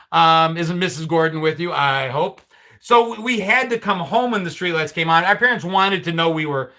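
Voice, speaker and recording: Bright high-voiced chatty male host. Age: middle-aged. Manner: chatty, sarcastic asides, frequent restarts. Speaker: livestream host. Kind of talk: casual chat reading live comments.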